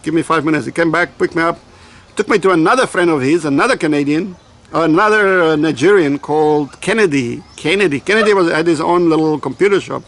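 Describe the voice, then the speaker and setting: A man's voice: on the high side, brisk. A man from Africa, telling personal stories casually, swearing freely and drifting off on tangents. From South Africa. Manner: swears freely, digresses, retells dialogue. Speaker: vlogger. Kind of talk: casual storytelling.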